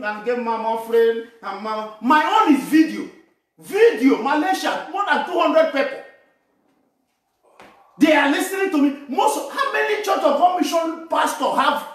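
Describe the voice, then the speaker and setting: A man from Nigeria preaching a sermon with animation, shouting and laughing as he addresses the congregation. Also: very high-pitched. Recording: echoey room, voice from far off.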